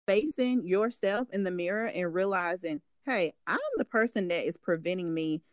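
A woman's voice: on the low side, moderate pace, no echo. A woman hosting a faith podcast, affirming and encouraging her guest in casual talk. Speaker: podcast host.

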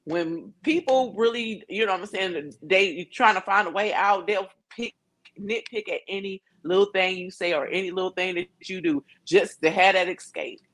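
A woman guest on a podcast, chatting casually, relaxed and quick to laugh as she tells her side. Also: mid-range voice, low-quality recording. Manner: relaxed, laughs easily, agreeing. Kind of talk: casual chat.

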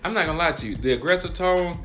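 A man co-hosting a podcast in casual chat, animated and profane, sometimes reading examples aloud. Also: on the high side, quick pace, soft background music. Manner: reads examples aloud from a text. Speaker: podcast co-host.

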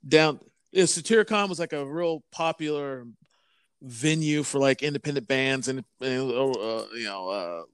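A man's voice: medium pitch, measured pace, clear, resonant tone, dry recording, studio quality. A man chatting casually, rambling with many fillers as he tells a story. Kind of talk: casual chat.

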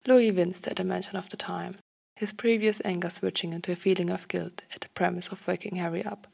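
Gravelly-voiced woman reading a story. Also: lowish voice, level tone, fairly quick, a little mellow. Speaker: fan fiction reader.

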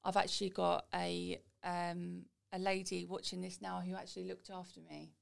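A woman's voice: lowish voice, flat delivery, moderate pace, vocal fry. A woman guest telling her own story in a chatty, candid way. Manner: chatty, quotes people in little voices.

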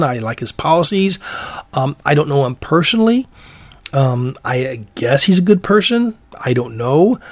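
A man hosts his own commentary show and works through his views in a loose, meandering monologue. His voice sits in a middle pitch, and he often stops and starts mid-sentence. The sound is dry and close, with no room around it. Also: dry recording. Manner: rambling, many restarts and fillers. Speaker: commentary podcast host. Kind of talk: rambling opinion monologue.

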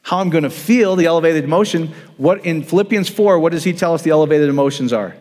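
A man's voice: on the high side, fast talker, a little mellow, long reverb tail. A man preaching a sermon, emphatic and repetitive, often restarting his sentences. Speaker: pastor.

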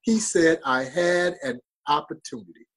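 Husky guy, kinda high voice, tells stories all dramatic and heartfelt. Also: animated, a little slow, low-quality recording. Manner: impassioned, dramatic storyteller. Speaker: baseball museum guest. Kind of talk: storytelling interview.

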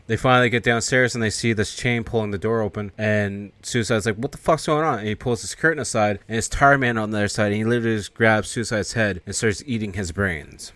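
Fast-talking low-voiced man recapping a movie. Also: fairly bright tone, no room sound. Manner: loose, profane storytelling with frequent fillers. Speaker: podcast host. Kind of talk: casual movie plot recap.

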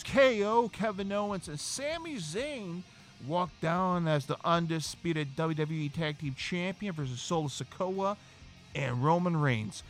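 Lively man hosting a wrestling podcast. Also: high voice. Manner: animated, acts out quotes. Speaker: podcast host. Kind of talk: casual wrestling review.

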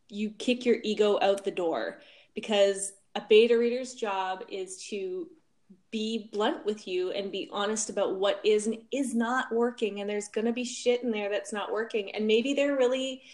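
A woman's voice: medium pitch, darkish tone. A woman co-hosting a writing podcast, speaking thoughtfully and often restarting her sentences. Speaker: podcast co-host. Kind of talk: casual podcast discussion.

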